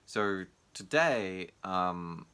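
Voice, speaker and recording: A man's voice: low-pitched, lively intonation, extremely slow, sharp tone, clear, resonant tone. A man, a martial arts teacher, talking casually and reflectively in his own video diary, acting out what other people say. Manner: musing, acts out other people's lines in raised voices.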